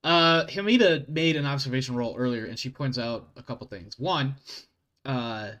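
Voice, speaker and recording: A man running a tabletop role-playing game, narrating events casually with quick self-corrections and laughs. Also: mid-range voice, fairly bright tone. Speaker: game master.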